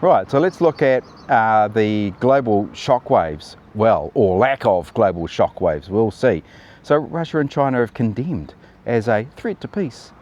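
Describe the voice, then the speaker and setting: A man's voice: on the low side, lively intonation, a little slow, darkish tone, highs cut off. A man hosting casual political commentary in a sardonic, chatty way and calling his viewers "team".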